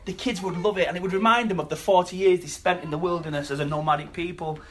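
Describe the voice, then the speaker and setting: A man delivering a sermon in a fairly high voice, faint background noise around him. He tells the story earnestly, easing into quieter, softer emphasis when a point matters. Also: steady tone, quick pace. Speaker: preacher.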